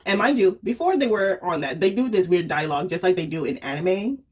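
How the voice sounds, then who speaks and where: A woman's voice: mid-range voice, expressive, brisk, husky. A woman casually reviewing a comic series, chatty and full of fillers, often laughing and acting out quotes. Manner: chatty storytelling full of "um", "like" and "right?".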